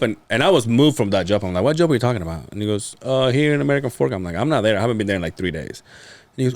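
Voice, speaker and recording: A man's voice: rapid-fire, no room sound. A man casually telling stories on a podcast, swearing and mimicking other people's voices. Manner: animated, mimics others with high-pitched voices, swears often. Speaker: podcast host. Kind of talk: casual storytelling chat.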